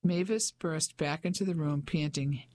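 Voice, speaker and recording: An audiobook narrator reading in an even, measured way. The pitch sits in a middle range. The storytelling is steady and unhurried. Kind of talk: scripted narration.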